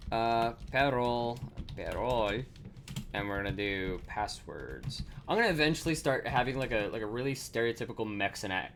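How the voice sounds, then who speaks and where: A man's voice: lowish voice, fairly bright tone, slight background noise. A man thinking aloud as he codes on a live stream, full of fillers and self-corrections, swearing casually and laughing at himself.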